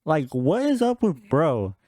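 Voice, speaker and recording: A man's voice: fairly high pitch, wildly swooping pitch, a little slow, a little mellow, no echo, clean studio sound. A man hosting a reaction video, incredulous and exclamatory, stammering when shocked. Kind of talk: casual reaction commentary.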